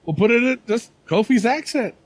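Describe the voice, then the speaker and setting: A man's voice: very high-pitched, animated, a little fast. A man hosting a casual wrestling podcast chat, talking in a meandering, hedging way. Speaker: podcast host.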